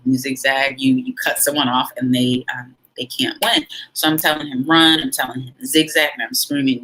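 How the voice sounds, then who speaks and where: A woman's voice: lowish voice, sharp tone, husky, rough recording. A woman hosting her own vlog, telling a story in an emphatic, dramatic way and acting out what people said. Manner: dramatic, emphatic, acts out quotes. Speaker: vlog host.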